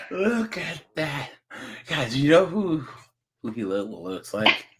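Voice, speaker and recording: A man's voice: on the high side, a bit bright, slightly rough. A young man hosting a live reaction stream, chatting loosely with his viewers and laughing often. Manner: chatty, laughing, addresses chat as guys and dude. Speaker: reaction video host. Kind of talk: casual live-stream commentary.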